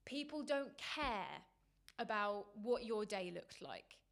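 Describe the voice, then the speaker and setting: Yoga teacher woman cohosting a podcast, thinks out loud, mid pitch, says yeah a lot. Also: sing-song, slow. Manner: thoughtful, reflective, many agreeing yeahs. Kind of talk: conversational podcast chat.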